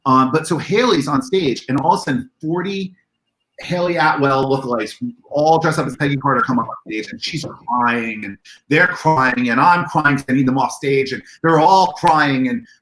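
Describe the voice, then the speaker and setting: Excitable man telling stories in an echoey room. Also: medium pitch, moderate pace. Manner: excitable, acts out dialogue in a raised voice. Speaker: convention organizer guest. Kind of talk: animated storytelling on a livestream.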